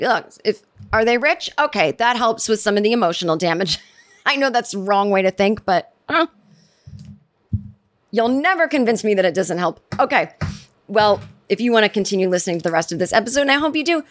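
A middle-aged American woman hosting her own podcast, rambling and sarcastic in casual solo commentary. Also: medium pitch. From United States. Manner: rambling, animated, sarcastic asides. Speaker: podcast host.

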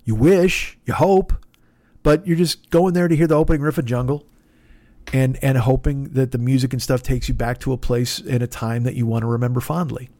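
A man's voice: mid-range voice, fairly even intonation, a little fast, warm tone, dry recording. A man who works as a comedian, hosting a podcast in a casual, rambling monologue full of swearing and restarts. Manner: profane, rambling, self-interrupting. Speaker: podcast host.

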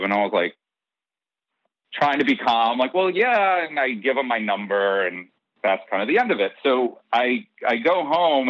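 As an interview guest, a man tells a casual personal story, animating the quoted dialogue and breaking into laughter. His fairly low voice is recorded dry and dull with a slightly lo-fi sound and no room sound.

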